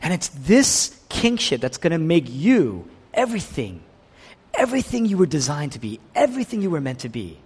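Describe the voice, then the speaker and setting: A man's voice: a little high, husky. Man preaching in a reverberant hall. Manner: animated preaching, swinging from loud emphasis to quiet pauses. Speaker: pastor. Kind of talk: sermon.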